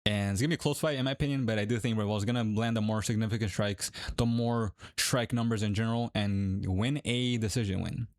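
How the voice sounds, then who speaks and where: A man's voice: on the low side, steady tone, fairly quick, hardly any pauses, no room sound, clean studio sound. A young man casually talking to viewers, rambling and correcting himself with lots of fillers. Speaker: MMA predictions creator. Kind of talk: casual commentary to camera.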